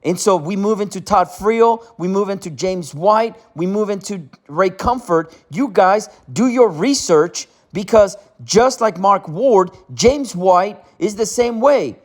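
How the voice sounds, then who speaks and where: Slow-talking, indignant male commentator. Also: high-pitched, expressive. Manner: indignant, repetitive, frequent "okay?". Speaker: channel host. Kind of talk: ranting commentary.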